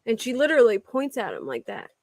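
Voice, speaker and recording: A woman's voice: on the high side, wildly swooping pitch, quick pace, creaky, darkish tone, no room sound, studio quality. A woman hosting a true crime livestream, chatting casually with viewers in a rambling way, full of restarts. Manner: rambling, restarts and filler words. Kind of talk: casual chat reacting to viewer comments.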